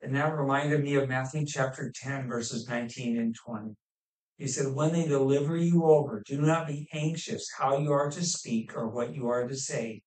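A man preaching a sermon on a scripture passage, pausing often with fillers and restarts. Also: medium pitch, darkish tone. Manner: halting, with many fillers and restarts. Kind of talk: expository sermon. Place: church hall. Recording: echoey room, mic at a distance.

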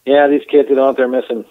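A man's voice: mid-range voice, no room sound. A middle-aged man from Michigan, a guest cracking dry jokes and telling stories in casual chat. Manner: wry, joking storyteller. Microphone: phone. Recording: tinny phone line.

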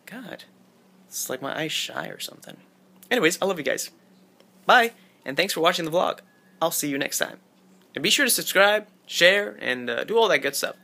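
A young man talks straight to the camera in a playful, jokey vlog voice. His tone is bright and sits a little high. He pokes fun at himself as he goes. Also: big pitch swings, brisk, creaky. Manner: goofy, playful and self-mocking. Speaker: vlogger.

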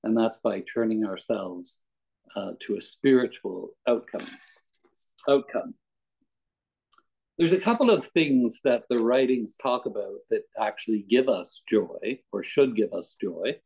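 A man's voice: mid-range voice, expressive, measured pace, creaky, a little mellow, slightly rough, low-quality recording. A man giving a conversational devotional talk as a guest speaker, mixing anecdotes and readings and chuckling often.

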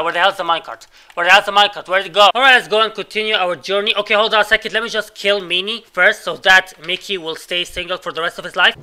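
A young man, a native Arabic speaker, giving excitable, swearing commentary while playing a game and reacting loudly to surprises. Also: high-pitched, low-quality recording. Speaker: gaming YouTuber. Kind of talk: Minecraft let's play commentary.

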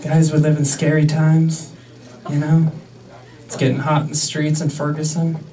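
A man's voice: a little high, little pitch movement, normal speed, warm tone, far from the mic, low-quality recording. A young man in his twenties doing a stand-up set in a comedy club, sarcastic and crude with mock-outraged asides.

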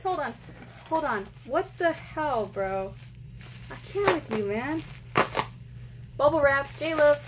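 An excitable woman hosts a casual unboxing vlog for her gaming channel. Her voice sits a little high, and she gushes and squeals with delight. Faint noise hums under the recording. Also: slow pace, pauses often, rough recording. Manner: excitable, gushing, often squealing and laughing.

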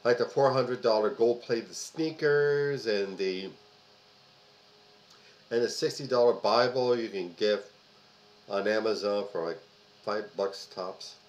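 A man's voice: on the low side, slow pace, pauses often, poor audio. Emphatic man delivering a political monologue. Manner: emphatic, repeats phrases for stress, frequent fillers. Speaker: host of a political commentary video. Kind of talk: opinion monologue to camera.

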